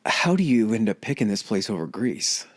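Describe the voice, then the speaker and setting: A man's voice: on the low side, normal speed. A man co-hosting a history podcast, joking around, swearing and asking questions in a casual way. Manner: joking and animated, swears, acts out little scenes.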